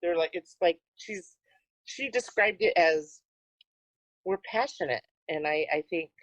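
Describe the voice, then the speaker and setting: A woman co-hosting a podcast remotely, telling stories in an unhurried casual way. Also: lowish voice, no echo, poor audio. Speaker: podcast co-host. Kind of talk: casual chat.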